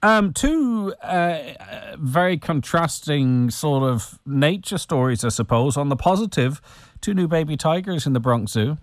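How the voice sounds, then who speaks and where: A man hosting a radio interview, easygoing and halting, with many fillers. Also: on the high side, animated, no echo, studio quality. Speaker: radio host. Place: radio studio.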